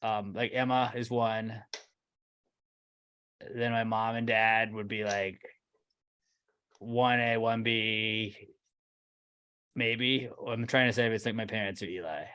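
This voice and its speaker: A man's voice: on the low side, fairly even intonation, takes it slowly, pauses often, bright, forceful tone, smooth. A man co-hosting a podcast in casual chat, ranting bluntly and profanely. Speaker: podcast co-host.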